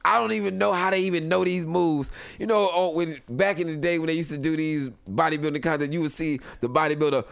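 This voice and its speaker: A man telling a funny story in casual chat, animated and laughing often, acting out other people's voices. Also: a little high, fast, creaky, few pauses, clean tone, dry recording. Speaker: comedian guest. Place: home studio.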